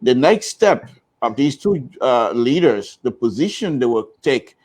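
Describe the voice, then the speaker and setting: A man speaking on a radio panel, measured and hesitant with frequent fillers. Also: mid-range voice, big pitch swings, a little mellow.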